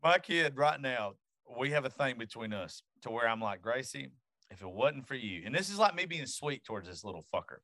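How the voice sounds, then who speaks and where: A man's voice: medium pitch, brisk, few pauses, no echo, clean studio sound. A man hosting a podcast, telling blunt, profane stories about his daughter in a casual chat. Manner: profane, animated storyteller. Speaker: podcast host.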